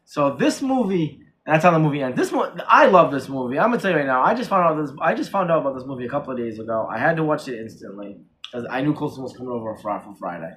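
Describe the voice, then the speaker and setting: A man reviewing a horror film in casual chat, retelling the plot excitedly with many restarts and corrections. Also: mid-range voice, quick pace.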